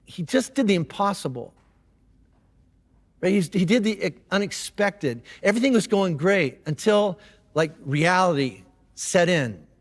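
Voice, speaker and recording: A male pastor with a high voice, preaching in an easygoing, chatty manner and often restarting his sentences. His words ring out with a long reverb, as in a big church hall. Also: expressive, measured pace. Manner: casual, conversational storytelling with repeated restarts. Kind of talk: sermon. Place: church auditorium.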